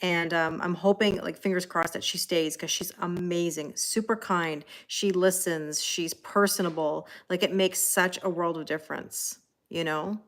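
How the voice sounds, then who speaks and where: A middle-aged woman hosting a live tarot reading, talking casually with a somewhat low voice. She chats easily, greets viewers one after another by name, and fills her pauses with ums and soft laughs. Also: fairly even intonation. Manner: chatty, greets viewers by name, many fillers and light laughs. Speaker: tarot reader on a livestream. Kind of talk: live-stream casual chat.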